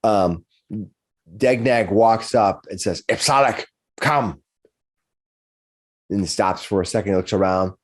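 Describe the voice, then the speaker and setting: A man narrating as game master of a tabletop game, halting and repeating words as he goes. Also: deep voice, fairly even intonation, darkish tone.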